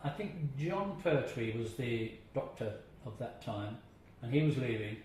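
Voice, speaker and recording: A man's voice: mid-range voice, animated, measured pace, a little mellow. An older man being interviewed, telling chatty anecdotes about his acting days, chuckling and now and then imitating voices. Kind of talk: anecdotal reminiscing. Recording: very echoey room, faint hiss.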